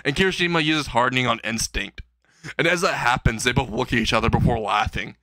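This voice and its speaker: Bright-voiced rambling male storyteller. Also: mid-range voice, fairly quick, no room sound. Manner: rambling, chuckling between lines. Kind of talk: improvised comedic fan story narration.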